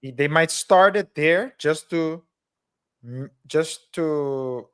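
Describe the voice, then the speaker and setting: Slightly high-voiced man, casual co-host. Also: a bit bright, smooth. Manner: joking, halting, restarts his sentences. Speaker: podcast co-host. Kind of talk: casual chat.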